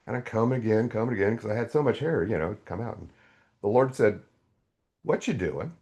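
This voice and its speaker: A man's voice: lowish voice, fairly quick. A man in his sixties, a guest author animatedly telling a story in a podcast interview. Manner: animated storytelling with quoted dialogue.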